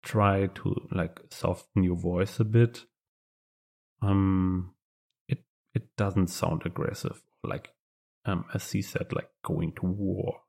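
A man's voice: low voice, fairly even intonation, slow, gravelly, a little mellow. A man with a German accent, a non-native English speaker, talking hesitantly in a casual interview as a guest writer. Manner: hesitant, many fillers and restarts.

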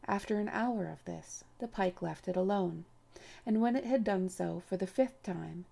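A woman reading a novel aloud as an audiobook narrator, in a measured, unhurried storytelling manner. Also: medium pitch, vocal fry, mellow. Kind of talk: scripted narration.

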